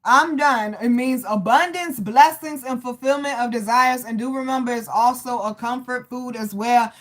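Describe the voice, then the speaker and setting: A woman giving a casual live tarot reading, chatty and animated, calling listeners baby and greeting viewers. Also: fairly high pitch, moderate pace. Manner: loose and animated, laughs and greets chat viewers. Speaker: tarot reader.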